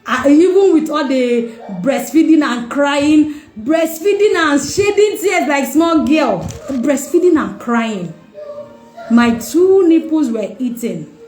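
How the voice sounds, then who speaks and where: Woman, fairly high voice, heartfelt personal testimony, repeats lines for emphasis, echoey room. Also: lively intonation, slow pace, darkish tone, soft background music. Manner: emotional, repeats phrases for emphasis. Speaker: mother sharing her testimony.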